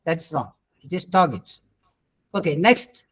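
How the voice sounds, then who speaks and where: A middle-aged man with an Indian English accent leads an online pronunciation lesson in a high voice. He is patient and corrective, often pausing to search for words. The webinar audio is dull and lo-fi. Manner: patient, corrects students, many hesitant fillers. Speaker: English teacher. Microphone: video call.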